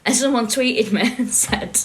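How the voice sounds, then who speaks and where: A woman's voice: a little high, measured pace. A woman in her forties with a Manchester accent, co-hosting a podcast in casual chat, blunt and sweary, laughing often. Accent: Mancunian. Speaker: podcast co-host.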